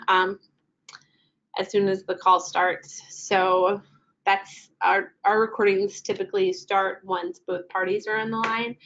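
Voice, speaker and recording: A woman giving a casual software training walkthrough, filling her pauses with ums while she clicks through settings. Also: medium pitch, lo-fi sound, a little hiss or hum. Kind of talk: screen-share product walkthrough.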